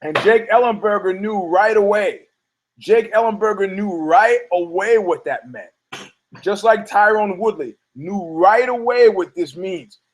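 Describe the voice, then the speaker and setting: A high-pitched man speaks at an unhurried pace on poor audio. He hosts a casual sports podcast, rambling, stumbling over words, repeating himself, and swearing freely.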